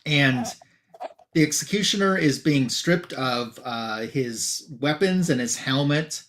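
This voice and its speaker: A man of middle pitch retells a comic issue for a review show in a loose, chatty way. He strings plot points together with fillers and small jokes, in an even, unpolished manner. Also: slow pace, a little hiss or hum.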